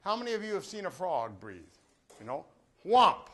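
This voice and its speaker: Here an older man teaches brass, guiding students through breathing drills with humor and hands-on coaching before a live audience in a classroom or rehearsal space. His voice sits a little high, with a sing-song lilt and a brisk delivery.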